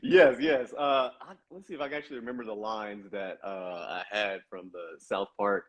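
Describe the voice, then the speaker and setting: A man's voice: on the low side, normal speed. A man guest on a casual interview podcast, a voice actor telling chatty anecdotes with plenty of uh and man.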